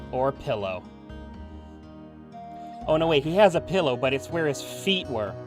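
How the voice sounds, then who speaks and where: A man's voice: medium pitch, very animated, measured pace, pauses often. A man casually commentating as he streams a video game, chatty and joking, reading game text aloud. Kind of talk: casual let's play commentary. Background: game music.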